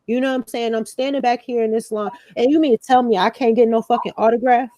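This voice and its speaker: A young woman spins a story on a podcast, loose and profane, and she jumps into the voices of the people she quotes. Her tone is mellow and warm, and the recording is close and dry with no room sound. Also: on the high side, fast talker, no echo. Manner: animated, profane, acts out quoted lines. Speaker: podcast co-host. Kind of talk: casual storytelling chat.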